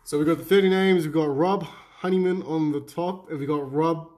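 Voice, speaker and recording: A young Australian man runs the card break, calling out names and jabbing back at his co-host with plenty of swearing. His voice sits a little higher than most men's. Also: steady tone, normal speed, darkish tone. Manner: jokey, swears freely, reads out names. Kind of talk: casual banter while opening cards.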